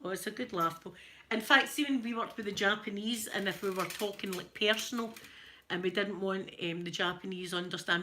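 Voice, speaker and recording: A Scottish woman with a Glaswegian accent, chatting casually to her viewers. She tells funny stories, laughs a lot, and her throat is a little hoarse. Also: mid-range voice, steady tone, brisk, pushed and bright, a little hiss or hum. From Scotland. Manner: chatty storyteller, laughs often, mimics voices. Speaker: ASMR channel host.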